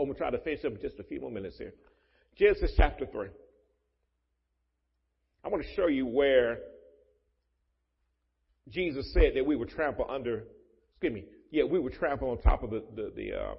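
A man preaching a sermon as pastor of his church, with loud rising emphasis and joking asides to the congregation. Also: a little high, gravelly, slightly rough. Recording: muffled, echoey church hall.

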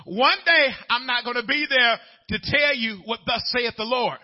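A man preaching a sermon as pastor, telling a folksy story and building up to shouted preaching. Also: extremely high pitch, normal speed. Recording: dull lo-fi church recording.

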